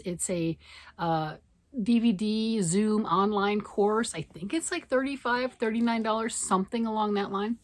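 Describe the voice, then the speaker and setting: A middle-aged American woman chatting enthusiastically to camera in a knitting vlog, with lots of fillers and restarts. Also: medium pitch. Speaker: knitting vlogger. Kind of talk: casual chat to camera.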